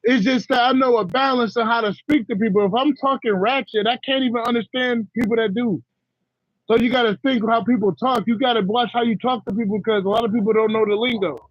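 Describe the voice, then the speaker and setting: A man's voice: extremely high pitch, fairly even intonation, a little fast, muffled recording. A man chatting casually on a livestream to his viewers, blunt and rambling, with slang and laughing asides. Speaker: livestream host.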